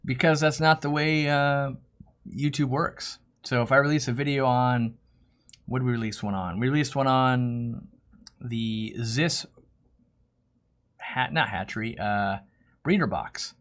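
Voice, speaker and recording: A man's voice: mid-range voice, a little slow, pauses often. A middle-aged man hosting a live question-and-answer stream, talking casually and acting out back-and-forth conversations in quoted voices. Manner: animated, acts out customer dialogues in quoted voices. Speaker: host of a fish-keeping Q&A live stream.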